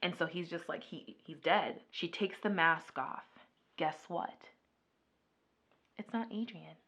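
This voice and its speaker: A woman vlogger chatting casually through a makeup video, retelling a story in an animated way with lots of filler words. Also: lowish voice, slow, breathy edge. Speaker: beauty vlogger. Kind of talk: casual makeup vlog chat.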